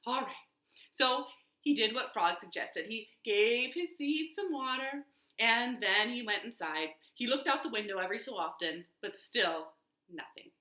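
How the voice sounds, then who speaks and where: A woman librarian reading a children's storytime at home, slow, sing-song and expressive. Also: on the high side. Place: home living room. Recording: roomy living room.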